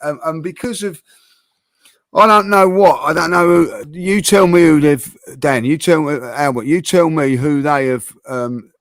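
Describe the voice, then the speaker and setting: A man hosts a fan channel's football debate, his voice sitting a little on the high side. He talks with animated passion, stumbling through restarts and fillers as he makes his points. The sound is dry, with no room echo. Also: measured pace.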